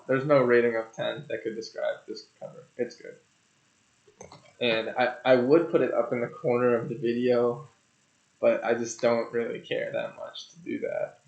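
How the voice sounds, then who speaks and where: A young man talks through an album review in a loose, rambling, profane way, with frequent jokes. His voice has a gravelly edge. The recording sounds roomy and echoey, and the audio is a little dull. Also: medium pitch. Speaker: music reviewer. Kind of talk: casual album review monologue.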